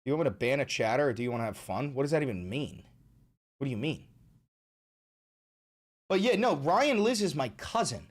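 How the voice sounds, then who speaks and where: Profane, animated male livestreamer. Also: medium pitch, brisk, pauses often. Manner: profane, emphatic, repeats himself. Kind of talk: casual livestream chat, reading chat.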